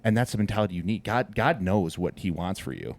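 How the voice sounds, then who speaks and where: A man's voice: low voice, animated, fast. A man hosting a podcast, talking earnestly and encouragingly to his guest, calling him brother. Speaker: podcast host. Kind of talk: casual podcast conversation.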